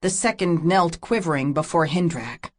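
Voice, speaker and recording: A woman narrating a fantasy audiobook in a steady, measured storytelling manner. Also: deep voice.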